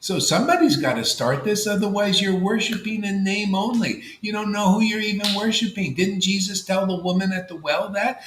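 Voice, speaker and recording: A man with a fairly high voice gives a loose, conversational spiritual talk to a gathered group, drifting between thoughts and tossing in "you know" and "man". The room is echoey, and faint ambient noise hangs behind him. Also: moderate pace, hardly any pauses, fairly bright tone. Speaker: spiritual teacher leading a devotee gathering. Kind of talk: informal devotional talk.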